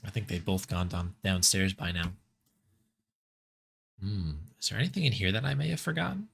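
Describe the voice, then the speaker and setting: A man's voice: low voice, normal speed, gravelly, fairly bright tone, breathy edge. A man casually commenting on an adventure game, reading text aloud, playfully muttering and humming. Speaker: let's play streamer.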